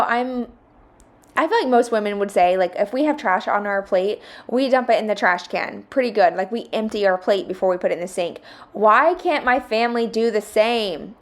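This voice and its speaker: Chatty woman vlogger venting with laughs. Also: mid-range voice. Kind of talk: casual chat while cleaning.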